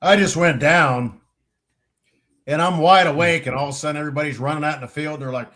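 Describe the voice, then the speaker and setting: A middle-aged podcast crew member with a higher-pitched voice tells service stories at a brisk clip. He rambles, swears freely, restarts often and leans on "you know," animatedly acting out what others said in the casual chat.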